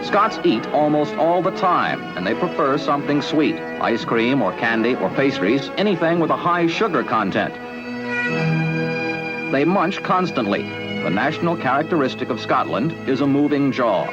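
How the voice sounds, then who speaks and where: Male narrator, 1970s TV documentary read, muffled archive sound with loud bagpipes behind, lively delivery. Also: mid-range voice, normal speed. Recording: dull archive TV clip with bagpipe music.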